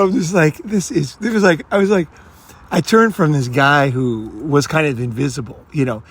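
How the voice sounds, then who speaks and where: A man's voice: on the high side, normal speed, husky. An American man in his fifties, telling a rambling, profane story in a casual monologue. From United States. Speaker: channel host.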